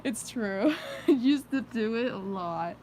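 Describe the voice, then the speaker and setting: A woman's voice: fairly high pitch, lively intonation, slow pace, darkish tone, slight background noise, rough recording. A teenage girl chatting casually on a live stream, rambling with many fillers and frequent giggles. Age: teens. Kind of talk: casual chat.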